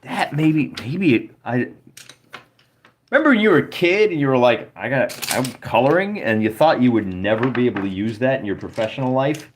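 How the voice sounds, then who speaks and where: A man narrating his solo journaling game in a relaxed, chatty way, thinking aloud as he goes. His pitch sits mid-range but moves around a lot, rising and dipping as he talks to his live chat. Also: fairly quick, slight background noise. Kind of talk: casual let's-play narration.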